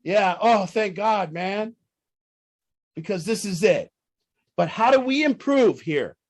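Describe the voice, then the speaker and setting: A high-voiced man leads a recovery group talk. He is blunt and profane, pushing his listeners with rhetorical questions and getting louder and higher when he is worked up. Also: expressive, slow. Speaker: group leader.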